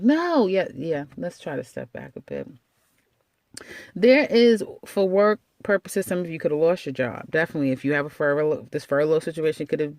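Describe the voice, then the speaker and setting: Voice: medium pitch, dry recording, studio quality. A tarot reader giving a casual monthly reading in a chatty, rambling way, blunt and laughing at their own remarks.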